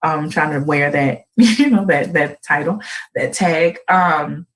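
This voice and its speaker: Animated woman host telling a story. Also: slow. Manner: animated, laughs often, jumps into high excited voices when quoting. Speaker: radio show host. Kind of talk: casual storytelling chat.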